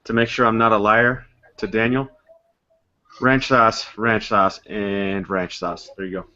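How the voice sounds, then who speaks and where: An American man co-hosting a casual chat, cracking jokes and quick to laugh. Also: mid-range voice, steady tone, sharp tone, lo-fi sound. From United States. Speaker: podcast co-host.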